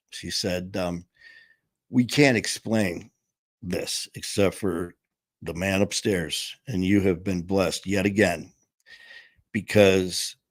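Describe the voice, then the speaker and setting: A man with a lowish voice recounts a personal story in a casual, conversational way. He talks with emphasis and now and then lets rough language slip. The sound is dry and close, with no room echo. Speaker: show host telling his story.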